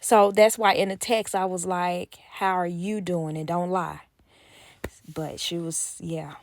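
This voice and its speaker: A woman telling a casual storytime, acting out quoted dialogue with animated gossipy energy, close to a phone mic. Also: lowish voice, a little slow, no echo. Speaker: nanny vlogger.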